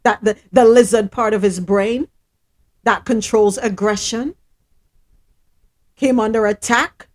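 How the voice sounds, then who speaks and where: A woman's voice: on the high side, steady tone, slow pace, pauses often, a little mellow. A woman host, speaking emphatically and repeating her points in a heated discussion. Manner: emphatic, repetitive, indignant.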